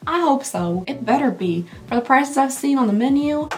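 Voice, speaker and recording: A woman chats through her makeup routine in a slightly high voice. She rambles, laughs often and sounds a little worn, as if her voice is starting to go. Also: expressive, moderate pace, a little mellow, faint music behind. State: losing her voice. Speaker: beauty vlogger. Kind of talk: casual chat while doing makeup.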